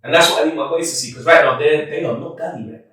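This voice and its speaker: A man talks in an animated, laughing way, his slightly high voice picked up from far off in a very echoey room. He chats casually as a podcast co-host and drops into street slang. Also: racing. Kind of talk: casual chat.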